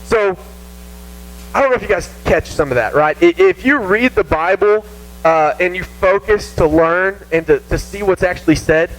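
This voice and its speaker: High-voiced Southern youth preacher. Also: male voice, normal speed, rough recording. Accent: Southern American. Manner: animated, self-mocking, acts out whiny voices. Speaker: youth pastor. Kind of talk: casual youth sermon. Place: church youth room.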